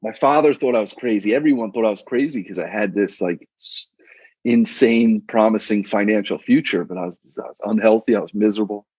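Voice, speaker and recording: A man's voice: on the low side, fairly quick, darkish tone, husky, no room sound, lo-fi sound. A man in his thirties, a coach and guest on a casual podcast, talking in a laid-back, slangy way with frequent restarts.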